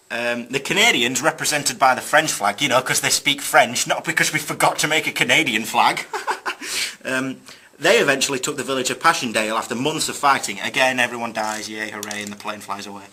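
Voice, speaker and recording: Young male student narrator with a bright, sharp tone, reading history with hesitant ums and tossed-off jokes. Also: mid-range voice, moderate pace. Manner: jokey asides, hesitant fillers. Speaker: student presenter. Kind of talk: narrating a school history video.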